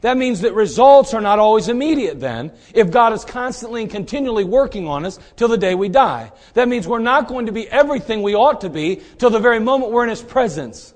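A man delivering a sermon in a dramatic way, swinging between loud bursts and hushed asides. His voice sits high and moves with lively, wide swings of pitch. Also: a little fast, hardly any pauses. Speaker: preacher.

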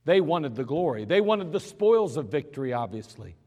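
A man's voice: fairly high pitch, sing-song, moderate pace, darkish tone. A man preaching a sermon, who acts out scenes in dramatic voices. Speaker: pastor. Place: church sanctuary. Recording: long church reverb.

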